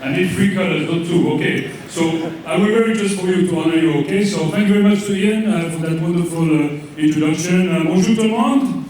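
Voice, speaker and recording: A comedian playing a cheeky French coach with a heavy put-on French accent, teasing a crowd at a live lunch event. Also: male voice, high voice, fast talker, few pauses, close to an everyday voice. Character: boastful French coach, teasing, adult man. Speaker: comedian in character. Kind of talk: live stand-up character act. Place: large function room at a lunch event. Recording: echoey hall from far off, loud crowd.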